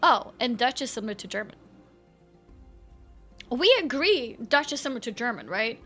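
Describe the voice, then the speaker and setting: A woman's voice: a little high, lively intonation, moderate pace, pushed and bright, faint music behind. A woman chatting casually on a live game stream, reading chat aloud and laughing often.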